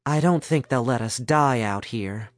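A sharp-tongued young woman speaks bluntly and matter-of-factly in a storybook reading, put on by a male narrator. Her lines come slowly and evenly. The sound is dry and close. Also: mid-range voice, dry recording, natural voice.

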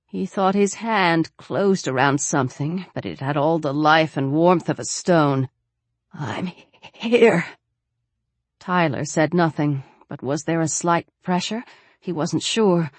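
A woman narrating a novel in a measured, steady reading voice. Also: low voice, no room sound. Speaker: audiobook narrator. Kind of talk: scripted narration.

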